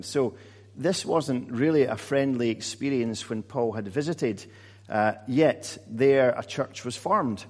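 Preacher in an echoing church. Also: male voice, medium pitch, darkish tone. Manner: conversational, with frequent fillers and repeated words. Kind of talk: sermon. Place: church hall. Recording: long hall reverb.

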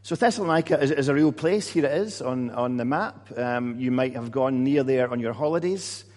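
Preacher in an echoing church. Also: male voice, mid-range voice, normal speed, a little mellow. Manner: conversational, with frequent fillers and repeated words. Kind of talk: sermon. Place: church hall. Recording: long hall reverb.

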